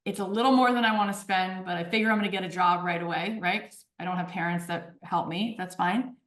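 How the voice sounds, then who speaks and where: A woman in her forties, a podcast guest telling stories in an animated conversational way, often checking in with "right?" and "okay?". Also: fairly low pitch, fast, recorded from a distance. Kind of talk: storytelling in conversation. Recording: roomy echo.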